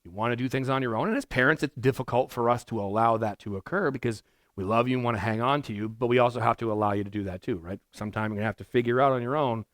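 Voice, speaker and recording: A man's voice: mid-range voice, rapid-fire, no room sound, clean studio sound. A male pastor giving a conversational, verse-by-verse sermon in a church, talking loosely with restarts and asides. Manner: casual and rambling, with many restarts and asides. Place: church sanctuary.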